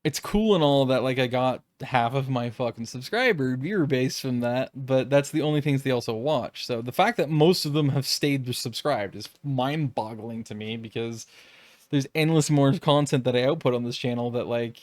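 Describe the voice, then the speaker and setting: A man vlogging off the cuff, rambling and circling back on himself, with curse words scattered through his talk. His voice sits at a middle pitch for a man. It sounds close and dry, with no room echo. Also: moderate pace. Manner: rambling, profane, exasperated. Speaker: YouTube creator. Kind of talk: unscripted reflective monologue.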